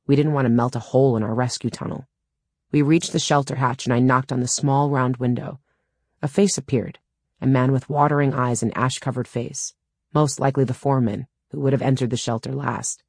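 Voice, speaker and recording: A woman's voice: very deep voice, darkish tone, dry recording. A woman reading a first-person audiobook in a wry, dry storytelling manner, close to a studio mic. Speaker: audiobook narrator.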